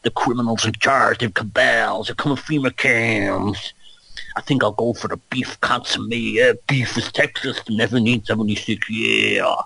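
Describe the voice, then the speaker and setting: A drowsy man voicing a blustering, paranoid male conspiracy radio host, drawn out slow and low with a gravelly edge. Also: steady tone, sharp tone, dry recording, exaggerated voice, low-quality recording. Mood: ranting.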